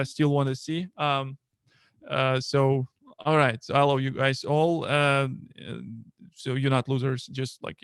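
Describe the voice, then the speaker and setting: A man with a Russian accent hosting a casual tech livestream from home, talking haltingly with many fillers and restarts. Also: on the high side, smooth, no echo, clean studio sound. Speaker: livestream host.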